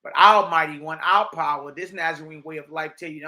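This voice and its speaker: A man's voice: a little high, steady tone, fairly quick, sharp tone. A man giving a livestreamed religious teaching, preaching emphatically in a streetwise way and reading old texts aloud. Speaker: Bible teacher.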